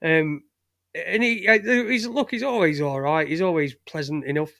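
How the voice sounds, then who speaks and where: High-voiced sweary man. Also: moderate pace, creaky, fairly bright tone, no room sound, studio quality. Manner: sweary, blunt, laughing banter. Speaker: podcast host. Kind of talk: casual live-stream chat reading comments.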